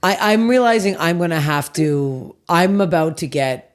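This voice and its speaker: A woman's voice: lowish voice, normal speed. A woman hosting a podcast, chatting casually and telling stories with lots of swearing and quoted outbursts. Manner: profane, animated storytelling with quoted outbursts. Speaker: podcast host. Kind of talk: casual chat.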